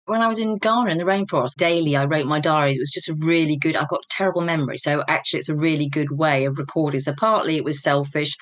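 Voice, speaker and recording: A woman's voice: deep voice, fairly even intonation, quick pace, hardly any pauses, no room sound. Candid English woman in her fifties. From England. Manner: open, personal storytelling. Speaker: guest. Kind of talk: candid, reflective interview talk.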